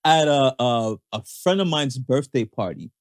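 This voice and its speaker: A man's voice: mid-range voice, animated, a little slow, dry recording, clean studio sound. A man co-hosting a podcast in casual chat, talking in hesitant restarts and laughing often. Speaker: podcast co-host.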